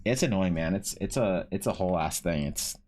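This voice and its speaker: A man's voice: low voice, expressive, brisk, a little mellow. Rambling, profane streamer guy. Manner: rambling and profane, many restarts. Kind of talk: casual chat while drawing on stream.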